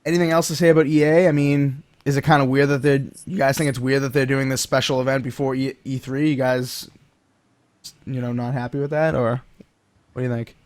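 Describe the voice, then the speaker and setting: A man's voice: mid-range voice, little pitch movement, brisk, a little mellow, no room sound. A man hosting a casual gaming podcast, rambling with many fillers and reading out chat comments. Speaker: podcast host.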